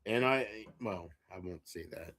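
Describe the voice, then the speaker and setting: A man's voice: low voice, a little slow, fairly bright tone, breathy edge. A man rambling in a live chat, profane and self-mocking, laughing often between thoughts. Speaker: livestream host.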